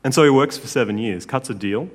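A male preacher delivers a sermon in a relaxed, conversational way and keeps checking in with his listeners. His voice sits in a middle pitch. A long reverb from a large hall follows his words. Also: quick pace. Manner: casual, conversational, with tag questions.

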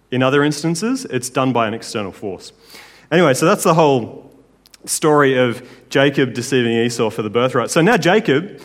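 Male Bible teacher, casual and joking storyteller, mid-pitched voice with a long hall echo. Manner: chatty, joking, lively storytelling.

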